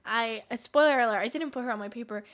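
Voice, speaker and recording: A woman's voice: on the high side, quick pace, fairly bright tone. A young woman streamer chatting casually while gaming, rambling through anecdotes with fillers and laughs.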